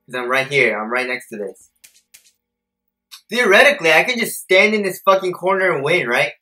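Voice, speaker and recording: A young man playing a horror game on stream, cursing and muttering to himself before bursting into yelps. His voice is bright and lively, leaping up and down in pitch. Faint game music plays underneath. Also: moderate pace. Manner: jumpy, profane, swings from mutters to shouted panic. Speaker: gameplay streamer.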